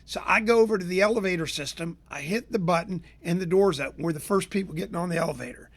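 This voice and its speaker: A man from Florida with a fairly high voice rants about sales to his listeners, folksy and energetic. He tells stories as a consultant would, bringing the people in them to life as he goes. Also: quick pace, gravelly. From Tampa area, Florida. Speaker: business consultant and show host. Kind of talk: storytelling rant to listeners.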